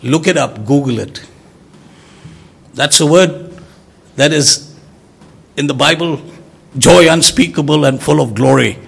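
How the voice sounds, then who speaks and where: A man delivers an emphatic sermon, rising into loud exclamations and then dropping to soft low words. His voice is gravelly and husky, and he takes his time. He speaks to a congregation as their preacher. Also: a little slow, pauses often.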